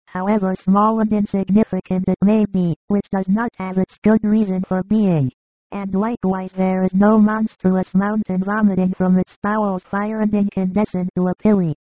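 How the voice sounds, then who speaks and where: A reader voicing a gentle, devout young male disciple who recites in a steady, reverent way in a dramatized audiobook. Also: medium pitch, dry recording, phone-quality sound, natural voice.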